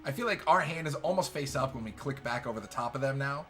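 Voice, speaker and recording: A man hosting a poker show, giving live hand commentary in a joking, excitable way that swings from loud cheers to quiet murmurs. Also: medium pitch, fast talker. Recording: music playing behind the voice.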